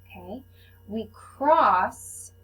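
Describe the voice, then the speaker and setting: A woman teaching a phonics lesson to young children, sounding out letters slowly and patiently. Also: medium pitch, animated, rough recording. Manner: slow, patient, clearly enunciated teacher talk.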